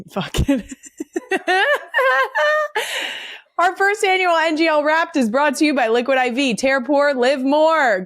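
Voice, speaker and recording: A woman in her thirties hosting a podcast, talking casually and bluntly, swearing freely and getting animated when reading out segments. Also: on the high side, no room sound, clean studio sound. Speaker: podcast host.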